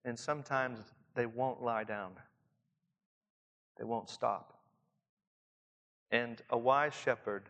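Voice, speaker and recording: A man with a Southern Indiana accent preaching a reflective sermon to pastors, often dropping to a soft hush to stress a point. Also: mid-range voice. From Southern Indiana, USA. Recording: long hall reverb.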